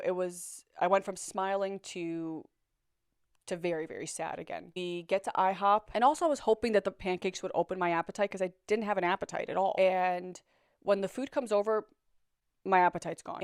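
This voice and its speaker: Candid woman telling her own story, low smooth voice. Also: no echo, clean studio sound. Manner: candid, reflective, repeats words when searching for them. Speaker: survivor sharing her story. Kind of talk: personal storytelling.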